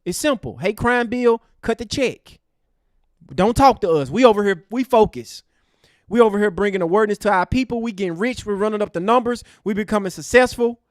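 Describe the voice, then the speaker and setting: A man's voice: sits high, brisk, no echo, clean studio sound. A man hosting an online show, delivering a fiery, preachy rant to his live chat. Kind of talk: impassioned livestream rant.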